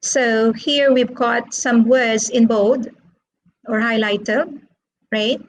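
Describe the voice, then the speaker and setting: A woman teaching an English lesson, explaining slowly and patiently and repeating words for listeners to echo back. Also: a little high, steady tone. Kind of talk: slow classroom explanation with repetition drills.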